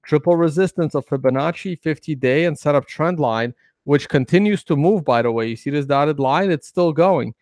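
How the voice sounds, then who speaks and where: Here a man hosting an informal crypto trading video wanders through his charts, restarting often and using plenty of fillers. His voice is a little high and darkish, at a normal speed. The recording is dry and studio-clean.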